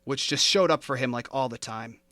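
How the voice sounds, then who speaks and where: A man's voice: medium pitch, fairly quick, bright, forceful tone, dry recording. A man hosting a podcast, chatting casually and working through his notes with fillers and easy laughter. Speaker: podcast host. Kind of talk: casual chat.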